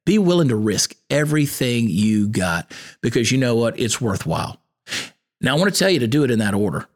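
A man's voice: medium pitch, sing-song, a little fast. A man hosting a podcast, talking in a folksy, preacherly monologue that mixes scripture with encouragement. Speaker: podcast host.

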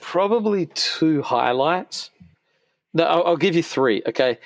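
A man's voice: a little high, lively intonation, measured pace. A man in his forties, a podcast guest, talking in an earnest, heartfelt way. He tells personal stories conversationally, often restarting his sentences. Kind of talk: conversational storytelling. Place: podcast studio.

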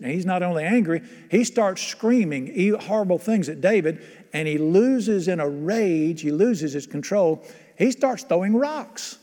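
Male pastor, sermon, higher voice, talks with the congregation and asks them questions, reverb-heavy room. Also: darkish tone. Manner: conversational, quizzes the congregation.

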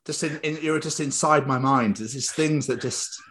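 A man's voice: a little high, normal speed, fairly bright tone, a little hiss or hum. A man hosting a podcast in casual, rambling, sweary comic chat. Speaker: podcast host.

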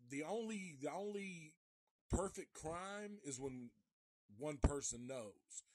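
A man's voice: a little high, lively intonation, slow pace, a little mellow, no echo. A man doing a creepy coaxing grown man. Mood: blunt. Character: menacing grown man, a predatory mailman.

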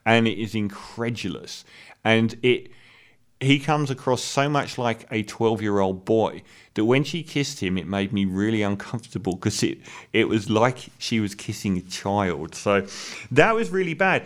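A man giving a casual, opinionated spoken film review, candid and blunt, pausing on fillers and restarting sentences as he talks. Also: fairly low pitch, expressive.

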